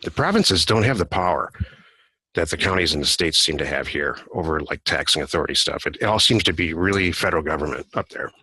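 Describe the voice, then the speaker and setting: Male podcast co-host, very deep, quick and bright, rambling casual delivery, dry sound. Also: lively intonation, breathy edge, no echo. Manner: rambling, self-correcting.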